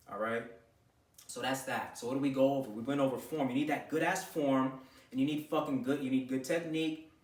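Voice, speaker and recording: Blunt, cursing man in an echoey room. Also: mid-range voice. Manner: blunt, profane, lecturing. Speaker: vlogger giving gym advice. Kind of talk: unscripted talking-to-camera rant. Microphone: camera mic. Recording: echoey room, far from mic.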